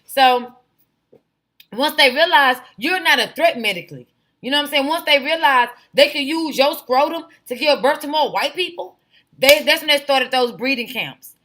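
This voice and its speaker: A woman's voice: sits high, animated, normal speed, pushed and bright. A woman hosting a casual livestream, talking bluntly to her viewers and drifting off on tangents. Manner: rambling, tangent-prone, blunt; talks to her chat viewers directly. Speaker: livestream host.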